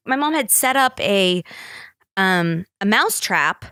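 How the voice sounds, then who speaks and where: A woman's voice: medium pitch, expressive, takes it slowly, long pauses, pushed and bright, smooth, no echo, clean studio sound. A young woman hosting a podcast, telling stories casually, swearing freely and acting out quotes in squealing voices. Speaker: podcast host. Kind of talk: casual storytelling monologue.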